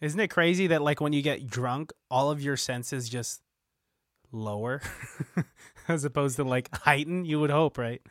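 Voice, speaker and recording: Joking man with a higher voice. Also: unhurried, fairly bright tone, dry recording, studio quality. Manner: joking, laughs often, teasing. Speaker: podcast co-host. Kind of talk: casual chat. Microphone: remote recording.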